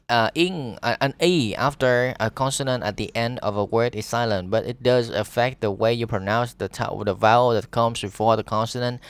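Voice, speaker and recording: Low-voiced Vietnamese man reading haltingly. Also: fairly bright tone, dry recording. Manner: halting reading with frequent "uh" fillers and restarts. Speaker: English teacher. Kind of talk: reading an article aloud as a lesson.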